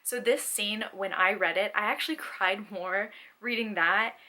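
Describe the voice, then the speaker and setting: Bright-voiced woman gushing over a book. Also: mid-range voice, unhurried. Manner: gushing, earnest and emotional. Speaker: book video creator. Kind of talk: casual book chat, reading annotations aloud.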